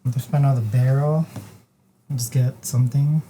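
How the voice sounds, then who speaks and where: A man's voice: medium pitch, fairly even intonation, a little fast, mellow, a little hiss or hum. A man playing a board game with friends, talking himself through his turn and counting pieces and money aloud. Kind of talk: casual tabletop game play.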